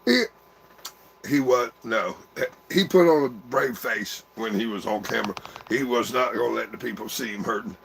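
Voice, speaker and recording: An older man, grieving, talking casually to viewers in a halting, rambling way full of pauses. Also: mid-range voice, gravelly, a bit bright, a little hiss or hum.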